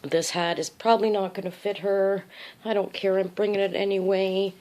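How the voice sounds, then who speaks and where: A middle-aged woman and grandmother vlogging casually at home, talking to her viewers in an excited, emotional, chatty way. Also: medium pitch, normal speed. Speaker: crochet vlogger. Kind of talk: casual vlog chat while packing. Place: at home, indoors.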